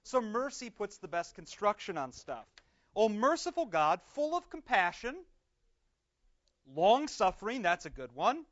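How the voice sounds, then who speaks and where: A man, a pastor, teaches a Bible class in a lively, conversational way, putting questions to the group and slowing down to read prayers aloud. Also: high voice. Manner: lively, conversational, asks questions and answers them. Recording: dull lo-fi recording.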